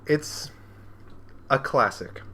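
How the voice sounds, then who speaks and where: A man's voice: extremely slow, bright, forceful tone, slight background noise. A man in his thirties co-hosting a podcast, enthusiastic and joking. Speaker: podcast co-host. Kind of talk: casual chat.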